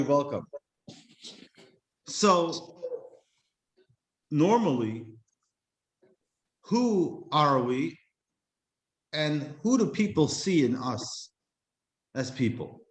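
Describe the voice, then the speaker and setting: A man teaching a class, reflective and slowing to stress key words. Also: on the high side, very animated, reverberant. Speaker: Jewish teacher. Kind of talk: explanatory class talk.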